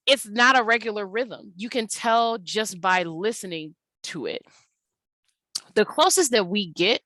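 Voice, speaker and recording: Bright-voiced woman teacher explaining slides. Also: mid-range voice, no echo. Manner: explanatory, says words aloud to show their rhythm; conversational, with fillers. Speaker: English teacher. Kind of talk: recorded slide lesson.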